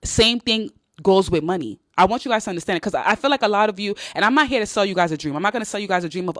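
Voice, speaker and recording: A woman's voice: mid-range voice, expressive, racing, hardly any pauses, fairly bright tone, no room sound, studio quality. A woman from Nigeria, an online business coach, giving a blunt, casual pep talk. She swears and repeats lines for emphasis.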